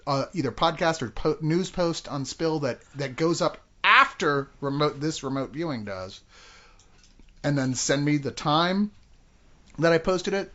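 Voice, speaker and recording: A man's voice: on the high side, a bit bright. A man hosting a podcast, chatting casually and joking around with some swearing. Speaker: podcast host. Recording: dull lo-fi podcast audio.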